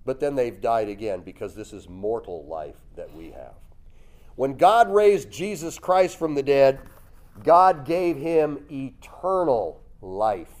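A man preaching a sermon, telling the story lively, acting out voices and chuckling often. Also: mid-range voice, slow. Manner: lively storytelling, acts out voices with loud jumps.

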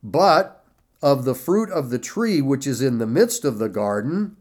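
A male preacher teaching from the pulpit in an unhurried, deliberate way. He stretches out his words and comes back to key phrases for emphasis. His voice sits at an ordinary middle pitch. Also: big pitch swings, a little mellow. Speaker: pastor. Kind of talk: sermon.

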